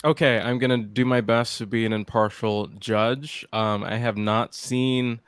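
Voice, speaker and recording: Guy judging comedy debate, lots of ums, smooth clear voice, dry sound. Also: medium pitch, fairly even intonation, a little slow, no room sound. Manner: hesitant, many ums. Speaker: panel judge.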